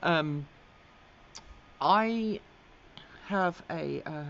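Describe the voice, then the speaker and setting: A woman's voice: low-pitched, very slow, gravelly, a bit bright, lo-fi sound, a little hiss or hum. An Englishwoman hosting a casual live stream, chatting and reacting to viewer comments with many ums and frequent laughs, her accent sometimes slipping toward American. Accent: English, with occasional American slips. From England. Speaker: host of an electric vehicle news live stream.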